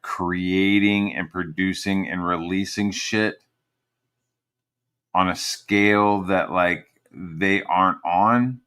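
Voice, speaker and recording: A man with a fairly low voice hosts a livestream and rants in a casual, rambling way. He swears constantly and mocks his targets with heavy sarcasm. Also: a bit bright. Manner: profane, meandering, sarcastic. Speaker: livestream host. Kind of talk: casual ranting commentary.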